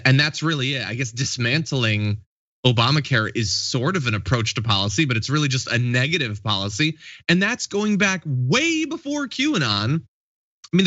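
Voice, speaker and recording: A male host in his thirties leads a political talk show, thinking aloud with wry, questioning turns. His bright voice moves a lot in pitch. The recording is dry and a little dull. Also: no echo.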